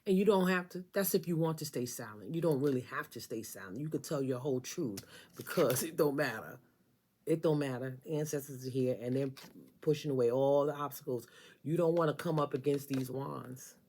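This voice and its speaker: A woman's voice: extremely low pitch, brisk, a little mellow, slight background noise. A woman giving a casual tarot reading, talking straight to the listener in an emphatic, sassy way and repeating phrases for effect. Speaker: tarot reader.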